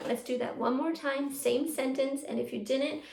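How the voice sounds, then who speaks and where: A young woman teaching a youth theatre class from home, coaching the viewer through breathing warm-ups and practice lines. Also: sits high, steady tone, moderate pace, gravelly, a little hiss or hum. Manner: encouraging, talks straight to the viewer, leads breathing drills. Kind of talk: virtual class to children at home. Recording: echoey room.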